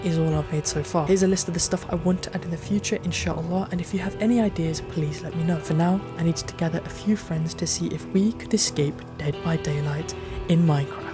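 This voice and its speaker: A man's voice: a little high, steady tone, fast talker. A young man, hosting a gaming video and explaining his build, then bantering and laughing with friends. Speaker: host and Minecraft map creator. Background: background music.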